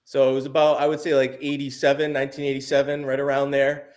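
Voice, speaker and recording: A man talking casually as an interview guest, relaxed and rambling, with plenty of fillers and restarts. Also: medium pitch, fast talker. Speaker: guest, sports card YouTuber.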